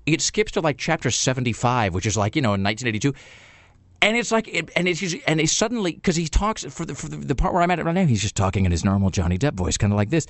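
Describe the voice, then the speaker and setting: Fast-talking animated male radio host. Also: on the high side, dry recording. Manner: rambling, animated storytelling with many fillers. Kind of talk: casual radio banter.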